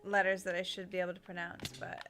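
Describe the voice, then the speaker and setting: A woman's voice: fairly low pitch, flat delivery, fast talker, over music. A woman streamer in bubbly, chatty casual talk, often laughing. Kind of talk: casual chat on a gaming stream.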